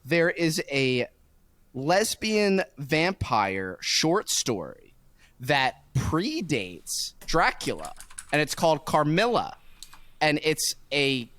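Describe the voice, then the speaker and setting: Lively-voiced man chatting on a podcast. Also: a little high, no echo. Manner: rambling, laughing, drawn-out storytelling. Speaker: podcast co-host. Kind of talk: casual chat.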